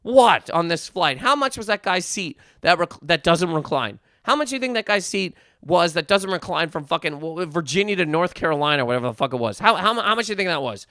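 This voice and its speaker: A man's voice: a little high, lively intonation, fairly quick, few pauses, bright, forceful tone, no room sound, studio quality. A man hosting a podcast, delivering a heated, profane comedic rant full of restarts and repeated words. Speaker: podcast host.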